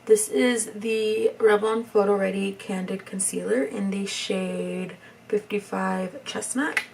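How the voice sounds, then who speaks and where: A young woman, talking softly through a makeup tutorial in a rambling, near-whispered way. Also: mid-range voice, steady tone, slow pace, vocal fry, distant mic, noisy background. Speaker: beauty vlogger.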